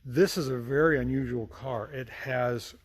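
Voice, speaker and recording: A man's voice: medium pitch, fairly even intonation, measured pace. A middle-aged man running a casual vlog in his auto repair shop, talking friendly through each step as he works. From United States. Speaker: mechanic and channel host. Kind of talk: casual shop vlog, explaining while working.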